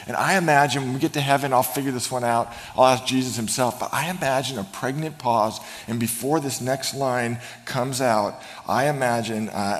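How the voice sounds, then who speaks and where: A male pastor giving a sermon in a church sanctuary, telling the story with light humor and dropping to a hush for emphasis. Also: medium pitch. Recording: long reverb of a large hall.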